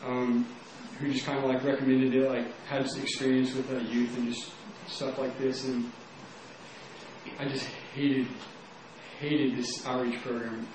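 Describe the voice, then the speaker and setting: A man's voice: mid-range voice, level tone, a little slow, background noise. A young man from Texas giving a casual, rambling personal testimony, with lots of "like" in his speech. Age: young adult. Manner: casual, rambling, heavy use of "like". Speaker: storyteller. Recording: very echoey room, mic at a distance.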